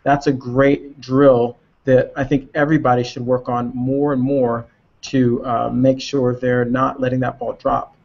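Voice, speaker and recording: A man who coaches tennis, explaining drills in a casual webinar discussion and pausing to find his words. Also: medium pitch, flat delivery, creaky. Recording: muffled lo-fi webinar audio.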